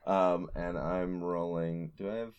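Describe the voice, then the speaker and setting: Deep-voiced man playing a tabletop game. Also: fairly even intonation, unhurried, a little mellow, smooth, dull audio. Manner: laughing, self-deprecating, swears freely. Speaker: player. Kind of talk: casual tabletop game play.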